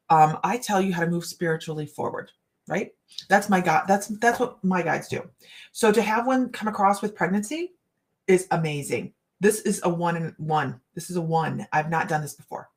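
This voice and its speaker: Chatty middle-aged woman, slightly low voice. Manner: chatty, rambling, laughs often. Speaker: psychic card reader. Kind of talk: casual live chat.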